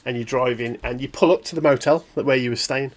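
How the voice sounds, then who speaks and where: A game master narrates a tabletop scene at an ordinary middle pitch. He rambles, filling gaps with ums and correcting himself as he goes. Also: fast. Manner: rambling, lots of fillers and self-corrections.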